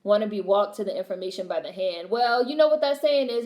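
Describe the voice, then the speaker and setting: A woman's voice: mid-range voice, lively intonation, fairly quick, few pauses, a little mellow, echoey room. A young adult woman hosting a livestream, reading chat and chatting casually in a blunt, sassy way, swearing freely and repeating her punchlines.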